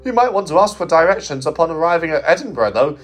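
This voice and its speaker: Dude doing a squeaky chirpy little diesel, nosy and casual. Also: male voice, animated, quick pace, soft background music. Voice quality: chirpy, nonchalant, high-pitched. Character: chirpy nosy small male diesel shunter. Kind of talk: audiobook fan story reading.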